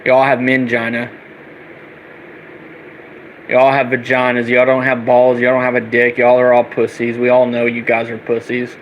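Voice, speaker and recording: A young man in an angry, profane rant that circles back on the same insults. His voice sits at an ordinary middle pitch, with a faint air-conditioner hum in the background. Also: completely flat delivery, moderate pace, pauses often, lo-fi sound. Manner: heated, profane, repetitive ranting. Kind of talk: angry political rant vlog.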